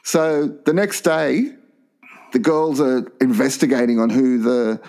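A man sharing gossip in casual chat, swearing and speeding up as he tells a story. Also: medium pitch. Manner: gossipy, swears, fast when excited.

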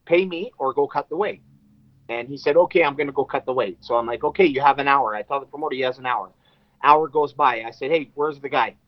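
A man, a fighter, telling a fight story in casual chat, animated and profane, acting out what people said. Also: mid-range voice, no room sound, lo-fi sound. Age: adult with wife and two kids. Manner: animated, profane, acts out quotes.

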